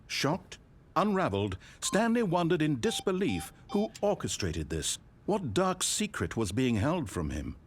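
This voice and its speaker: Brief: haughty game narrator, sarcastic, with dramatic sweeps in pitch. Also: male voice, wildly swooping pitch, a little slow, slight background noise. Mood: narrating. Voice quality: pompous, dry and mocking.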